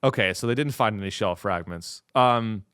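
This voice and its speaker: A man's voice: lowish voice, normal speed, fairly bright tone, smooth, dry recording, clean studio sound. A young man hosting a comedy show, ranting in a profane, rambling way and slipping into mocking voices. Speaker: comedy podcast host. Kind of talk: comedic rant.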